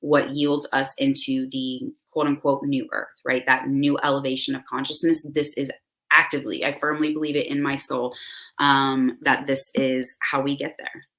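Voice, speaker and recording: A woman's voice: extremely low pitch, flat delivery, moderate pace, fairly bright tone, poor audio. A woman hosting a spiritual ceremony, talking in a loose, effusive, rambling way full of "like" and "right?", recorded on a computer microphone indoors. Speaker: spiritual host leading a meditation ceremony. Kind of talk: casual spiritual guidance talk.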